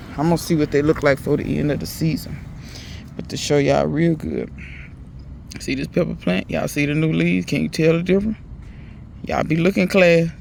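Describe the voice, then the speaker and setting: A man's voice: fairly high pitch, gravelly, darkish tone, slight background noise. A man in a casual gardening vlog, chatty and emphatic, talking to viewers outdoors in his garden. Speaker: home gardener.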